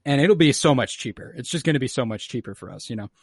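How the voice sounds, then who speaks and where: A man voicing a smug, penny-pinching alien cloning official in a high, mocking tone while recapping a cartoon. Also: expressive, fast, husky, dry recording, studio quality.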